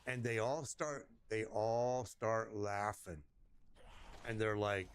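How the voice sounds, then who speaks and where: A man telling a rambling, animated story in casual chat while gaming, swearing casually along the way. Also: fairly low pitch, slow pace, a little hiss or hum.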